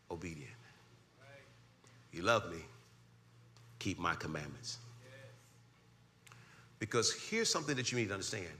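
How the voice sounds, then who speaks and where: Preaching man with a bright, animated voice. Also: on the low side, moderate pace, long pauses. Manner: builds to shouting climaxes, call-and-response. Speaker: pastor. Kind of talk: sermon.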